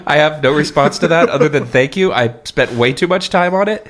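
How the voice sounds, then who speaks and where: A man's voice: a little high, a little fast. A man co-hosting a podcast, laughing often and joking about himself in casual chat. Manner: laughs often, self-deprecating, animated. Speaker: podcast co-host.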